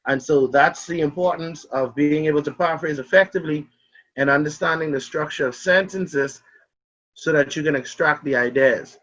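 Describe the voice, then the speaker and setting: A Bahamian man with a fairly high voice teaches an online class, calling on students by name and walking through examples. The sound is dull and muffled, as on a video call. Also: bright, forceful tone. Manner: calls on students by name, asks and answers questions.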